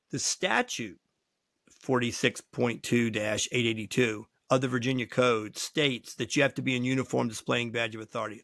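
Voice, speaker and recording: A man who is a lawyer, hosting a casual talk show and telling folksy, animated stories on a close mic. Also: mid-range voice, gravelly, no room sound. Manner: folksy, animated anecdotes with acted quotes. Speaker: lawyer and podcast host.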